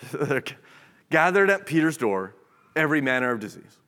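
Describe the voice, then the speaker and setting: A man's voice: on the high side, very animated, moderate pace, bright, forceful tone. A man preaching a sermon as pastor, earnest, often repeating words and acting out small quoted scenes. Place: church sanctuary. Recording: long hall reverb.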